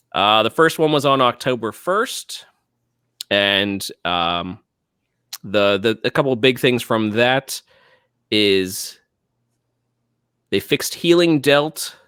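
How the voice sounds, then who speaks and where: A man's voice: mid-range voice, fairly bright tone, clean tone, dry recording, studio quality. A man co-hosting a casual gaming podcast, reading patch notes aloud and chatting with frequent restarts. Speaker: podcast co-host.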